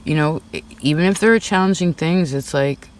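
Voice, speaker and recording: A man's voice: a little high, a little fast. A man giving a casual tarot reading, talking in a rambling, chatty way full of "like" and "right?". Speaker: tarot reader. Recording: slightly distant mic.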